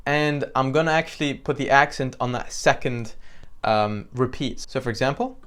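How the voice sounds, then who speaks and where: A man's voice: mid-range voice, moderate pace. Casual male piano teacher. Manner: relaxed, conversational with frequent fillers. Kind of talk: instructional tutorial. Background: piano playing between phrases.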